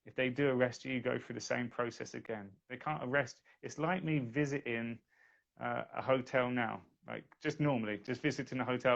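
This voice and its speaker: Gravelly-voiced man telling a story. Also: medium pitch, a bit bright. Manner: recounts events plainly, quotes others. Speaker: guest. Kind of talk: casual podcast chat, storytelling. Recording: dull lo-fi audio.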